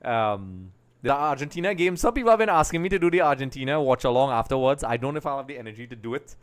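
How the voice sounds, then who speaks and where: A man hosting a live match watch-along, chatting with viewers and breaking into excited play-by-play. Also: medium pitch, quick pace, smooth. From Trinidad and Tobago. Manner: chatty, reads comments aloud, bursts into excited play-by-play. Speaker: live stream host.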